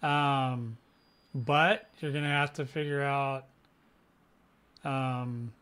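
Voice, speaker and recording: A man's voice: medium pitch, fairly even intonation, extremely slow, fairly bright tone, smooth. Rambling man doing game commentary. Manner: rambling, slangy, self-mocking. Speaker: gaming channel host. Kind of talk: casual gameplay commentary.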